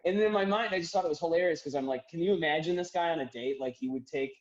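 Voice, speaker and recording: A man, a comedian and author, chatting as a podcast guest, rambling and animated as he tells stories and acts out quotes. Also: a little high, fast. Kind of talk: casual podcast conversation. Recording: dull roomy remote audio.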